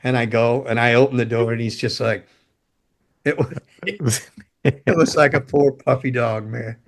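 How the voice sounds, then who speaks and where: A man's voice: mid-range voice, fairly even intonation, a little slow. A man telling casual stories as a guest, a former guitar tech and roadie who swears freely, laughs as he goes, and acts out other people's lines. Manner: loose and profane, laughs mid-story, acts out quotes. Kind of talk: casual anecdotal storytelling.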